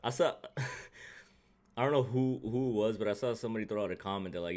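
Animated, profane man talking sports. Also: lowish voice. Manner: animated, profane, quick to laugh. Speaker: podcast co-host. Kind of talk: casual sports chat.

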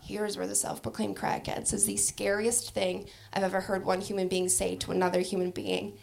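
A woman's voice: mid-range voice, flat delivery, moderate pace, gravelly, a little mellow, slight background noise. A young adult woman performing a stand-up comedy set, brash and profane, often laughing through her lines.

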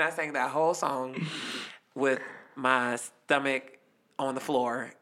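Bright-voiced young man telling a story. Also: mid-range voice, normal speed. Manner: animated, acts out quotes. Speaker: guest performer. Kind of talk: casual storytelling.

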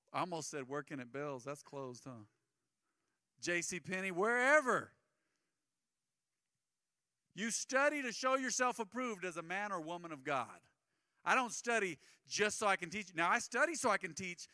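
A man's voice: high-pitched, pushed and bright, no room sound, clean studio sound. A man preaching a sermon as pastor, conversational and acting out the people he quotes.

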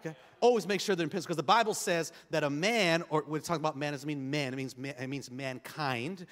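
A man pastor preaching a sermon, telling stories with big swings from quiet asides to loud bursts. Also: a little high, a little fast, few pauses, big-room sound. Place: church.

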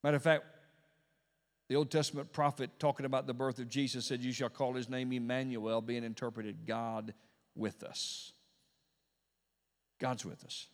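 A male preacher delivering a Pentecostal sermon in a medium-pitched voice. He drops to hushed, drawn-out words and then climbs to loud, emphatic peaks, hammering phrases through repetition. His voice rings out with the long reverb of a large hall. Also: flat delivery. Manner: preaching with wide swings between hushed and loud. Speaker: pastor.

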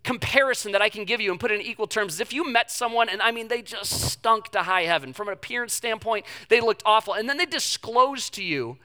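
A man's voice: high voice, expressive, fairly quick, few pauses, sharp tone. A man in his thirties preaching a sermon in an emphatic, conversational way, often repeating phrases for effect. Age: 30s. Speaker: pastor.

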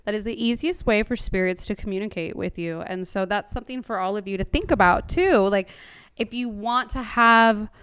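A woman leading a paranormal discussion group, telling her own stories in an animated way, swearing and laughing, into a handheld microphone. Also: mid-range voice, normal speed, clear, resonant tone. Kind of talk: casual storytelling to a group.

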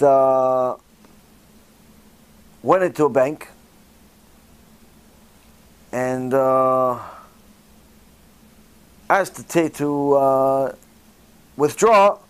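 A man, a religious teacher telling a story in an animated way and acting out the dialogue, with frequent "uh" fillers. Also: mid-range voice, clear, resonant tone. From Israel. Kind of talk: storytelling Torah talk.

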